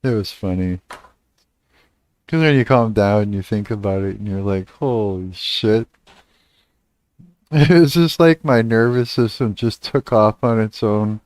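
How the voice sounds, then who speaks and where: A man's voice: on the low side, measured pace, pauses often, a little mellow, smooth, no echo. A man in his thirties from Canada, chatting casually on a livestream, rambling and swearing, trailing off and laughing often.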